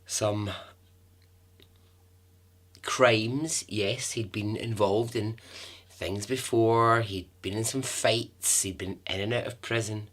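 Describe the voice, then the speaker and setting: A man's voice: on the low side, fairly even intonation, slow pace, long pauses, fairly bright tone. A man hosting a podcast, telling a true-crime story in a chatty way with asides and the odd swear word. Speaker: podcast host.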